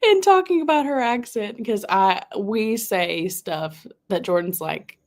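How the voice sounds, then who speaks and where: A woman's voice: fairly high pitch, lively intonation, slow, hardly any pauses. Southern woman, young, bubbly livestream host chatting with her viewers. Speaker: booktuber hosting a live reading sprint. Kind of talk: casual livestream chat.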